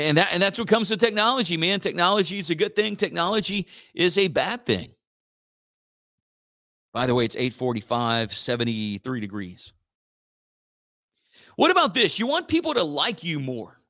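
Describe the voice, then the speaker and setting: A male morning radio host chats in a rambling, joking manner, his mid-range voice pushed and bright. Every so often he slips into playful robot voices.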